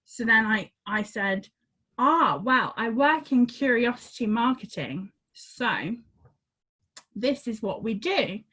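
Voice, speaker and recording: A woman tells a personal story in casual conversation. Her pitch jumps around a lot as she acts out her own reactions, and she often repeats words as she goes. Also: lively intonation, slow pace, sharp tone, slightly rough. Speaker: community member sharing a story. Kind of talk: casual storytelling on a group call.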